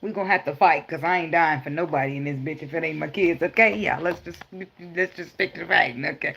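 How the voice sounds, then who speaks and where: A woman's voice: deep voice, fast, gravelly, slight background noise. A woman, talking bluntly and profanely about parenting while giving a casual tarot reading. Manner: blunt, profane, laughing, animated storytelling. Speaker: tarot reader. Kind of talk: casual spiritual advice vlog.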